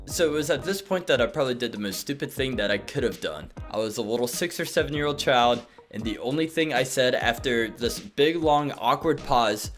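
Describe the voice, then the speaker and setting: A young man in his twenties tells a childhood story in a casual, animated way. His voice swoops widely between low and high as he talks. Faint music plays under him. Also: brisk, few pauses. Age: 20s. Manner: animated, dips low and jumps high, laughs between bits. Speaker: vlogger.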